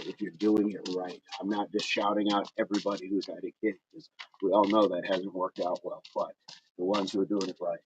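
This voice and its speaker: The noisy audio of this fitness livestream captures a man with a low, slightly mellow voice walking in place and moving as he chats. He's upbeat and encouraging, calling out viewers by name.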